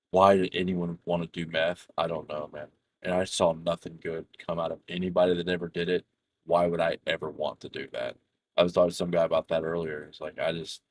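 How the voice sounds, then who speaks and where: A man's voice: low voice, no room sound. A middle-aged man chatting casually over voice chat while gaming, telling stories in a rambling, profane way full of restarts. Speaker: gamer chatting with a friend.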